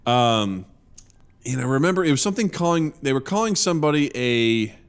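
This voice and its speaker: Lively man with a Missouri accent. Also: fairly high pitch, fast talker, clear, resonant tone. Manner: animated storyteller, laughs often, acts out quotes. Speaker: podcast co-host. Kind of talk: casual chat.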